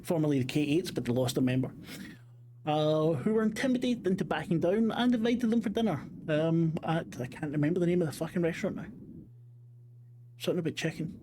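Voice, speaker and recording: A man's voice: on the high side, a little fast, mellow. A man running a tabletop game as game master, swearing a lot and recapping the story with many fillers. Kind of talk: casual chat and game recap narration. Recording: background noise.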